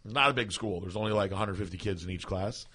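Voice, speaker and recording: A man co-hosting a podcast, telling a story in a casual, animated way, swearing and laughing often. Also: on the low side, fast. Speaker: podcast co-host.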